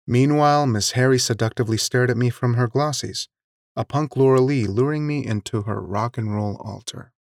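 A man reading a short story aloud in a measured, wry storytelling manner. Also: mid-range voice. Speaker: narrator. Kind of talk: scripted narration of a short story.

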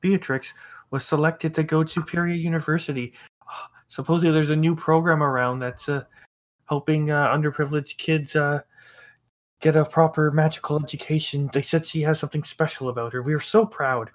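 A man's voice: on the high side, steady tone, fairly quick, close to an everyday voice. A man voicing a polite middle-aged farmer who talks with homely, slightly hesitant courtesy about his family. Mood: proud homely.

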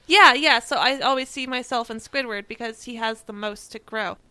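A young woman co-hosting a podcast in casual chat, animated and laughing often. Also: a little high, normal speed, clean tone, no echo. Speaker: podcast co-host.

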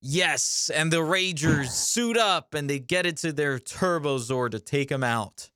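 Clear-voiced man riffing playfully. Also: on the high side, lively intonation, measured pace, pushed and bright, dry recording, clean studio sound. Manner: playful, riffs on absurd hypotheticals. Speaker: podcast co-host. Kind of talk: casual chat review.

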